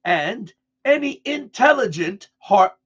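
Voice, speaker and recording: A man reading a broadcast transcript aloud in an earnest, deliberate way, restarting now and then over a word. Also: sits high, sing-song, fairly bright tone, slightly rough, muffled recording. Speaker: reader.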